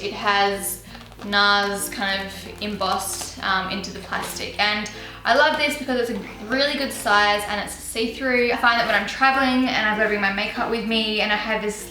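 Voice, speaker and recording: A bubbly young woman with a bright, lively voice pitched a little high chats and giggles through a casual vlog. She sounds like she is in a roomy, echoing space at home. Soft music plays faintly behind her. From Australia. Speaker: beauty vlogger. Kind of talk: casual chat.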